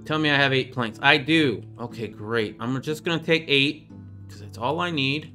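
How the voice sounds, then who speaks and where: A man chatting casually over his gameplay as host, playful and quick to joke at his own expense. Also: mid-range voice, sharp tone, soft background music. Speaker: gaming video host.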